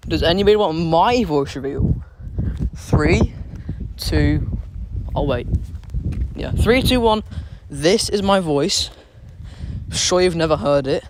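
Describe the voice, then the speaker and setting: A man's voice: a little high, expressive, slow pace, pauses often, noisy background. A British man chatting casually on a live stream, rambling and repeating himself with lots of fillers, talking into his phone outside on a street. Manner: rambling, repeats phrases, many fillers and restarts. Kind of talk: casual live-stream chat answering viewers. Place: outdoors on a street.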